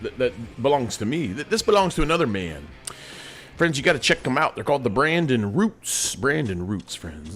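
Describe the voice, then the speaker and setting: Speaking from his home studio, this middle-aged man delivers a rambling, folksy monologue in the guise of a sergeant major. His mid-range voice has a fairly bright tone, and he repeatedly calls listeners "friends."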